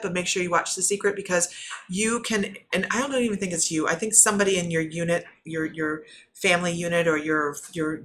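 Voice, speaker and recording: Medium lady doing live readings, talks on and on, cuts herself off, bright punchy voice. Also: on the low side, slight background noise. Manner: rambling, self-interrupting, laughs often. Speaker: spiritual medium giving readings. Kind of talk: live-stream chat with viewers.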